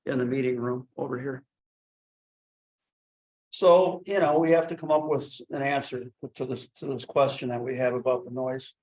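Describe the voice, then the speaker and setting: A man on a village board, speaking at a public meeting in a halting way with many restarts. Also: medium pitch, fairly even intonation, a little mellow, rough recording. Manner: hesitant, many restarts and fillers. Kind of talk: meeting discussion.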